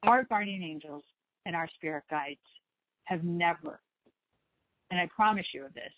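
A woman's voice: fairly low pitch, moderate pace, pauses often, no room sound. Soothing woman host on a phone line. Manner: gentle, repetitive, reassuring. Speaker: spiritual talk show host. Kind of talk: slow soothing talk on meditation and letting go.

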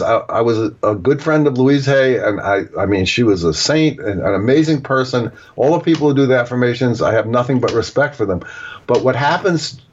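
A man being interviewed as an author, explaining at length and acting out little example quotes as he goes. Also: medium pitch. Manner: digressive, explaining with acted-out examples. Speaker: author and guest. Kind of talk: casual interview talk. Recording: dull lo-fi audio.

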